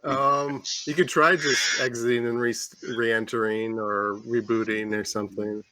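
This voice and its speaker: A man's voice: medium pitch, a little slow, background noise. Laid-back man hosting a comedy podcast. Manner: relaxed, joking, chuckles often. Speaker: podcast host. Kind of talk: casual chat on a video call.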